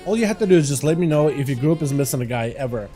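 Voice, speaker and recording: A man born in Russia, a native Russian speaker, chatting loosely with his livestream audience as its host, full of fillers and quick to laugh. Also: on the high side, lively intonation, dark tone, faint music behind. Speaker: game streamer. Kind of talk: casual livestream chat.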